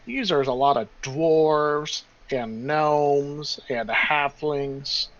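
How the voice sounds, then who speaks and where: A man narrating a tabletop game as game master, rambling with fillers. His voice is bright and sits a little high, and the audio is dull and lo-fi. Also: drawn-out words.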